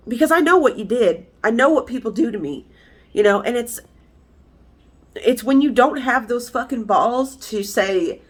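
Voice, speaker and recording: A woman's voice: a little high, animated, normal speed, breathy edge. A woman talking frankly and emotionally in a personal vlog, heated, swearing freely and using lots of fillers. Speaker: vlogger.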